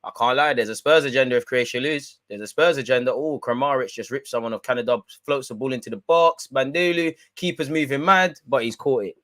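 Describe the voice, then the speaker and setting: Excitable slangy man commentating. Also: medium pitch, a little fast, hardly any pauses, no room sound. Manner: excitable, slangy, chatty with viewers. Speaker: watch-along host. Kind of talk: live football watch-along commentary.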